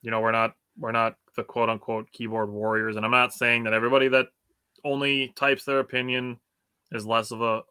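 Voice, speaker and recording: A man's voice: mid-range voice, level tone, brisk, sharp tone, clear, resonant tone, dry recording, clean studio sound. A man co-hosting a sports podcast in casual chat, rambling and padding his points with "you know".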